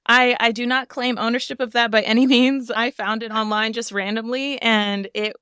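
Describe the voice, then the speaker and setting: A woman's voice: fairly high pitch, steady tone, moderate pace, clear, resonant tone, no echo, studio quality. A woman in her thirties hosting a podcast, chatty and laughing often as she talks. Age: 30s. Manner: chatty, warm-hearted, laughs often, many "like" fillers. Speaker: podcast host. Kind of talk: casual conversation.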